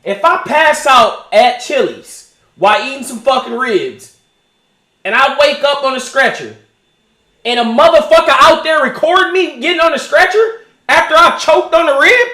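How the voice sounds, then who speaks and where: A man streaming and reacting to clips in casual, profane, animated chat, often laughing. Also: very high voice, a little slow, reverberant.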